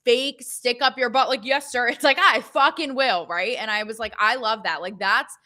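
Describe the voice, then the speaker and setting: Bright-voiced chatty woman host. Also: a little high, normal speed. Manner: chatty, sarcastic, full of fillers and asides. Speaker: show host. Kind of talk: casual opinion commentary.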